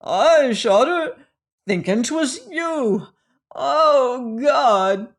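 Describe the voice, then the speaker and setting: A woman reader voicing a rough, distraught old seaman who breaks into anguished outbursts. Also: high-pitched, lively intonation, extremely slow, voice pushed up, full character voice. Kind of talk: audiobook character reading.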